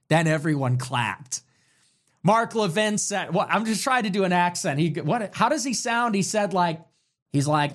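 This is a man hosting a livestream who reacts to viewer messages with sarcastic, rambling commentary and frequent laughs. His voice sits slightly higher than most men's. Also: expressive, moderate pace. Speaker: livestream host.

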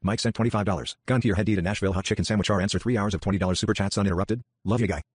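A man rapidly reading out paid chat messages in a flat, steady delivery. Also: lowish voice, breathy edge, no room sound, clean studio sound. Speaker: donation message reader.

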